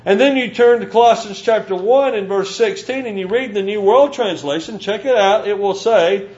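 A male preacher giving a sermon, teaching from scripture and slowing down to stress key phrases. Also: sits high, darkish tone, highs cut off. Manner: emphatic, slows down to stress scripture.

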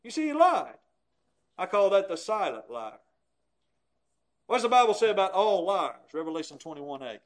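A man preaching with a strikingly high voice. He tells stories and slips into the voices of the people he quotes. Often his volume falls away to a near hush for emphasis. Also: very animated, normal speed, pauses often. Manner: storytelling, acts out quoted voices, dramatic drops in volume. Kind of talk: sermon.

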